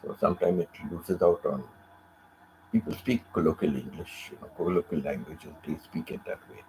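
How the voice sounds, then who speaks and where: A man's voice: rumbling low, fairly quick, warm tone, slight background noise, low-quality recording. A man hosting a casual talk who repeats his phrases and often checks in with "you know" and "correct?". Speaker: host.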